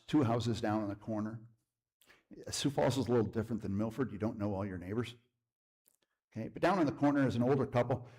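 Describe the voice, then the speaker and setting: Husky-voiced man telling a story. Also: on the low side. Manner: storytelling with lively shifts, drops to a hush. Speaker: guest speaker. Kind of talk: sermon testimony. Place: church.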